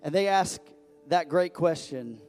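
A man's voice: fairly high pitch, lively intonation, unhurried, a little mellow, soft background music. A man preaching a sermon as pastor, talking conversationally and breaking into sudden emphatic rises.

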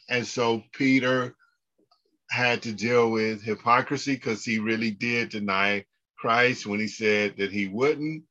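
Slow, bright-voiced pastor teaching class. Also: male voice, mid-range voice. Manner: repeats scripture phrases over and over, leads the class in recitation; unhurried, halting delivery with restarts. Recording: dull lo-fi recording.

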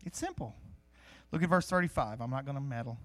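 A man preaching a sermon in a conversational, animated way, teaching from scripture with jokes and asides. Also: mid-range voice, quick pace. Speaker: pastor. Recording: live-streamed sermon.

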